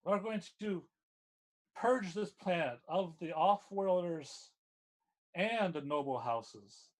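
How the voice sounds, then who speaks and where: Man voicing a cocky young rebel, high and loud, manic glee. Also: takes it slowly. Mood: gloating. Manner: maniacal triumphant ranting. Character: gleeful young male rebel kid.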